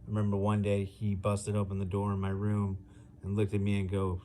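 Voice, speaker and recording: A young man doing a halting, deadpan stand-up set over a video call, full of fillers. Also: on the low side. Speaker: stand-up comedian.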